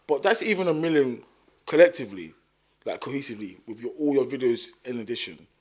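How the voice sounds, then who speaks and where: A man with a London accent, chatting casually as a podcast guest and telling stories in an animated way, full of fillers. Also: medium pitch, quick pace. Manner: animated storyteller with many fillers. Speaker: podcast guest, content creator. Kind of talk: casual chat.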